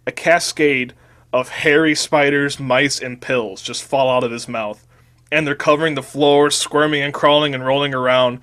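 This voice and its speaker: A man's voice: medium pitch, fairly even intonation, moderate pace, fairly bright tone. A man, a podcast host, casually reading out a crude comedic fanfiction, rambling and restarting words.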